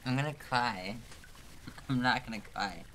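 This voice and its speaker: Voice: medium pitch, unhurried, a bit bright, a little hiss or hum. A live streamer commenting on a hard climbing game, exasperated and self-mocking, joking about being about to cry.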